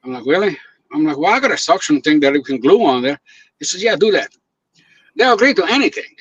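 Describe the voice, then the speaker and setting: This man's voice is a little high, fast and husky, with no echo. He's a guest videographer chatting casually, an animated storyteller who voices the people he quotes and laughs a lot. The recording is dry, dull and lo-fi.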